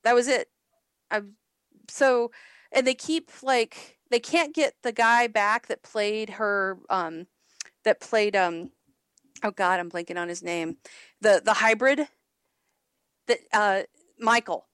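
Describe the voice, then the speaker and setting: A woman's voice: medium pitch, takes it slowly, pauses often, fairly bright tone, clean tone, no room sound, clean studio sound. A woman co-hosting a podcast in casual chat, rambling and laughing often with many restarts. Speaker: podcast co-host.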